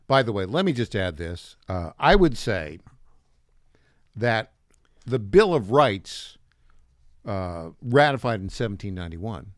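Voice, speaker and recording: A man's voice: on the low side, sing-song, measured pace, pauses often, dry recording, clean studio sound. An American man co-hosting a political talk radio show, chiming in with short remarks and wry asides. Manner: brief interjections and wry asides.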